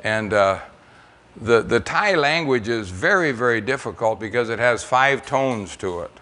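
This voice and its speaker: An older American man gives a church testimony, telling missionary stories in a rambling, folksy style heavy with fillers and repeated words. His medium-pitched voice is expressive and sharp in tone, and he speaks a little slowly.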